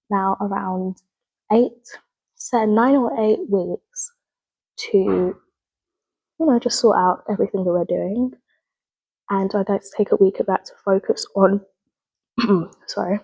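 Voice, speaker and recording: A young woman reflects on camera in an earnest, rambling way, often stopping to correct herself. Her voice is soft and breathy at a middling pitch. It sounds like a casual student video diary. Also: rough recording. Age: young adult. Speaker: drama student. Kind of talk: spoken reflective video log.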